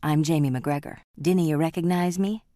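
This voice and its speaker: A woman's voice: low-pitched, fairly even intonation, brisk, warm tone, no echo, clean studio sound, pitched above the performer's own voice, lightly acted. A woman reading the part of a vengeful young Scottish man who talks harshly and mockingly. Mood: cold, harsh.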